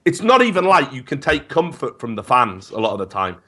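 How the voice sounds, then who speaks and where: A man telling stories in casual podcast chat, animated and profane, often stammering as he starts. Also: medium pitch, brisk. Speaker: esports commentator guest.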